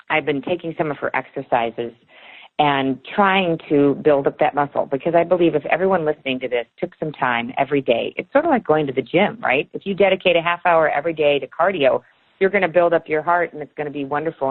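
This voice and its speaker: A woman in her forties, a book author, telling personal stories in an animated way in a podcast interview. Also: low-pitched, fairly quick. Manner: animated storyteller, acts out dialogue. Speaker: author guest. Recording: tinny phone line.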